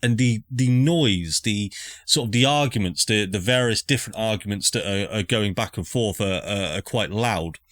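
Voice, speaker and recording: Man, dungeon master, bright tone, dry close mic, halting narration full of ums. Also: on the low side, dry recording. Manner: hesitant, filler-heavy narration. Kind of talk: narrating a tabletop game.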